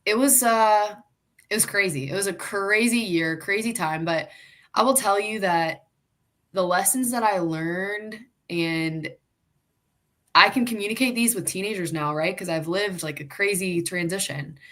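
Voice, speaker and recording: Bright-voiced young woman telling her story. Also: medium pitch, a little slow. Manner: animated storyteller, acts out quotes, laughs often. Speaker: former college athlete, coach. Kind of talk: casual podcast chat.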